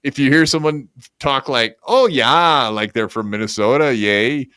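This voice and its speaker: A man's voice: medium pitch, normal speed, a bit bright, clear, resonant tone, no echo, studio quality. A man hosting a podcast in casual chat, joking and slipping into mocking put-on voices. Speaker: podcast host.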